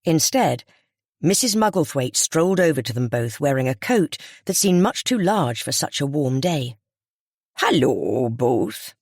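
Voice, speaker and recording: Steady audiobook narrator, dry close sound. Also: mid-range voice, no echo. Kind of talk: scripted narration of a cozy mystery audiobook.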